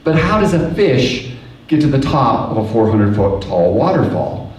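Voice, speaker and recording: Animated man lecturing in an echoey hall. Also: mid-range voice, moderate pace, recorded from a distance. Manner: animated storyteller who acts out little voices and hums tunes. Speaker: creation science speaker. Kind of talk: lively church lecture.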